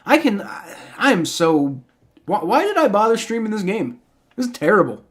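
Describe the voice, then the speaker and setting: A man's voice: high-pitched, very animated, normal speed. A man live-streaming a game reaction, ranting in exasperation with heavy profanity and frequent stammering restarts.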